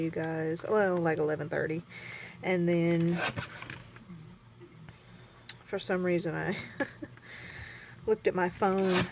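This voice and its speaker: A scrapbooking vlogger chats casually at her craft table in a lowish voice with vocal fry, speaking at a measured pace and pausing often over background noise. She rambles, pokes fun at herself, and fills her talk with lots of fillers.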